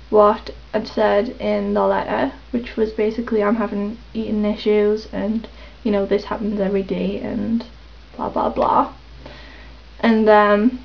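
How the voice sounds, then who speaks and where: A woman rambling hesitantly in a casual confessional vlog, with lots of pauses and ums. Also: mid-range voice, creaky. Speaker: vlogger. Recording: dull lo-fi webcam audio.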